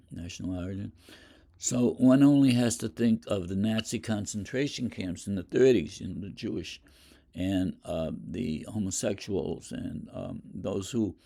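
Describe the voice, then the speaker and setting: An older man giving an informal poetry lecture as a teacher, rambling with many fillers and clearing his throat. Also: fairly low pitch, warm tone.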